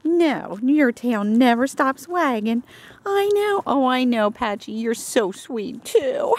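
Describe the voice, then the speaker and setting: A woman's voice: animated, slow pace. A woman outdoors talking in sing-song baby talk to her dogs while filming them. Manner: high sing-song baby talk with sweeping pitch jumps.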